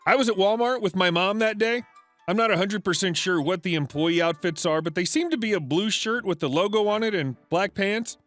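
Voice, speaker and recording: A man reading online stories aloud as a scripted narration, in a lively storytelling manner. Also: high-pitched, a little fast, faint music behind.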